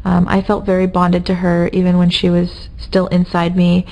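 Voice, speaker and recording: A mother gently describing feeling bonded to her daughter before birth. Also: lowish voice, monotone, normal speed, dull audio. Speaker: interviewee, mother.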